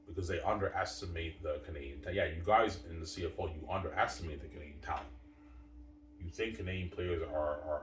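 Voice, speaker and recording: Man, sports commentary rant, very low voice, stammers and restarts, distant mic in an echoey room. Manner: repetitive, stammering restarts, calls listeners "man" and "guys". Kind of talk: casual opinion rant to camera. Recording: roomy room, distant mic, faint ambient noise.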